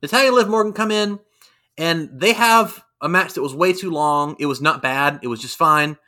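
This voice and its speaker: Bright-voiced man chatting about wrestling. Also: fairly high pitch, normal speed. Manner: animated, acts out quotes in raised voices. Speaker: podcast co-host. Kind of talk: casual wrestling review chat.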